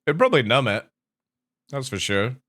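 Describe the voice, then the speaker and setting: A man hosting his own live stream in a relaxed, rambling way, chatting to viewers and laughing at his own jokes. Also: mid-range voice, normal speed. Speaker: streamer and show host. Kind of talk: casual live stream chat.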